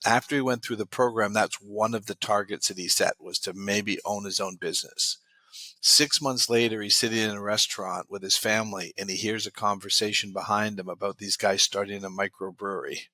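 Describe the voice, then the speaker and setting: A guest expert in an interview relays client success stories heavy with quoted lines. His fairly low voice is pushed and bright with fairly even intonation, he talks fairly quickly, and there's no room sound.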